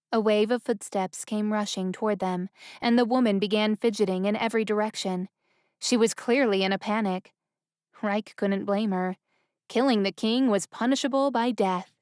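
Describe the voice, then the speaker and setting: A woman narrating a fantasy audiobook in a steady, even storytelling manner. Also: mid-range voice, normal speed, smooth, dry recording, studio quality. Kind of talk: scripted narration.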